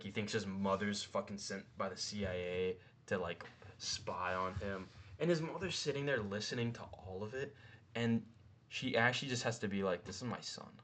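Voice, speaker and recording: A man giving casual, rambling commentary, swearing often and jumping up in pitch for emphasis. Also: a bit bright. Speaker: mma commentary host. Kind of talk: casual profane ranking commentary.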